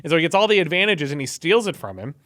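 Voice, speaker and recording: A young man retells a story for laughs in a casual, irreverent tone and keeps dropping "like" as a filler. His voice is bright and forceful and sits a little high for a man. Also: big pitch swings, racing. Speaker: online video host.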